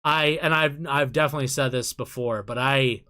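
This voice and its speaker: Bright-voiced young man chatting. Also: mid-range voice, normal speed. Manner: profane and laughing, answers chat questions. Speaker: streamer reading chat. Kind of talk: casual live-stream chat.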